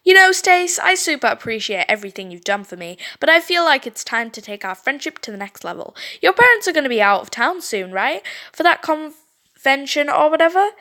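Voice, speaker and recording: A woman's voice: high-pitched, very animated, brisk, pushed and bright, pitched above the performer's own voice, exaggerated voice. A woman reading the lines of a spiteful teenage cheerleader bully in a mocking, sing-song way.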